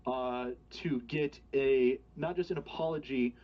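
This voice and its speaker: A man narrating as game master, halting with fillers and restarts. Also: mid-range voice. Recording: dull lo-fi home mic.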